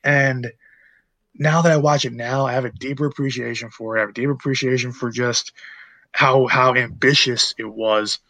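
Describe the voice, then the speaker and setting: A man's voice: medium pitch, fairly even intonation, moderate pace, sharp tone, dry recording. A man in his late twenties co-hosting a podcast, chatting casually about a movie in a rambling way full of fillers and restarts. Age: late 20s. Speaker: podcast co-host. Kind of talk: casual movie-review chat.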